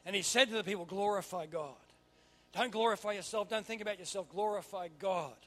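A man preaching a sermon, swinging from quiet asides to loud emphatic bursts. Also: high-pitched, a little fast. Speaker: pastor.

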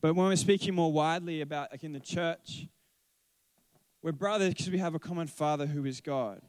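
A man's voice: a little high, normal speed, darkish tone, no echo. A man who teaches, giving a casual Bible talk, rambling and correcting himself as he tells stories. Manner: rambling, self-correcting storyteller.

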